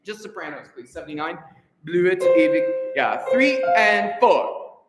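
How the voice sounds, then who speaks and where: High-voiced choir director in echoey hall. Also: male voice, expressive, measured pace. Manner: encouraging, coaches German diction and counts in. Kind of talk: choir rehearsal instruction. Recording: echoey hall, piano in background.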